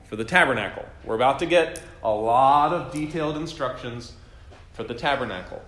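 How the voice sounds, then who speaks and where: A man's voice: medium pitch, brisk, a bit bright. A man leading a classroom Bible lesson, chatty and quizzing his students with self-deprecating jokes. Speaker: Bible study teacher. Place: classroom with a group. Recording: echoey room.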